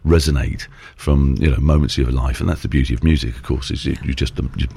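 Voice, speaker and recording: A man's voice: extremely low pitch, fairly even intonation, quick pace, creaky, warm tone, breathy edge. A middle-aged man, a presenter and auctioneer, telling long self-deprecating stories in casual chat.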